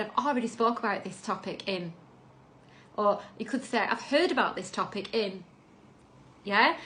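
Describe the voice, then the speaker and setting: A woman's voice: mid-range voice, bright, forceful tone, slight background noise. A woman, coaching viewers in a chatty, upbeat way on a live video and acting out sample lines.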